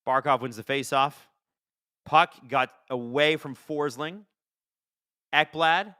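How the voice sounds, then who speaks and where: A man hosting a live watch-along of a hockey game, chatting casually and reacting excitedly to the plays. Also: on the high side, takes it slowly, clean tone, no room sound, studio quality. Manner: chatty, excitable, swears casually, talks to chat. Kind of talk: casual live-stream commentary.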